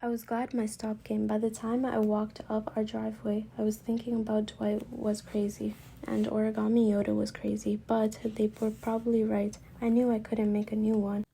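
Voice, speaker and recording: Hushed, gravelly woman reading a children's book. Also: mid-range voice, completely flat delivery, moderate pace, hardly any pauses, a little hiss or hum. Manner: soft, hushed narration. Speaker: story reader. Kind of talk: children's book read-aloud, often whispered.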